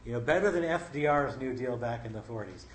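Middle-aged male preacher, folksy and conversational, mid-pitched, roomy echo, faint room hum. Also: expressive, a little fast. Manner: conversational, folksy, reads scripture aloud. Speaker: Bible study leader. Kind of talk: informal sermon.

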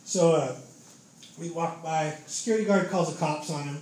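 Fervent high-voiced young preacher man. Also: moderate pace, darkish tone. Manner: fervent, peppers speech with "man" and "dude". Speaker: lay preacher giving testimony. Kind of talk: casual preaching testimony. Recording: very echoey room with faint noise.

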